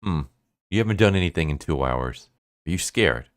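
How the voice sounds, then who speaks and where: A man's voice: sits low, lively intonation, moderate pace, no echo, studio quality. A man voicing a male demon who talks in a casual, teasing way. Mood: mocking. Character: mocking male demon, later sympathetic and chummy.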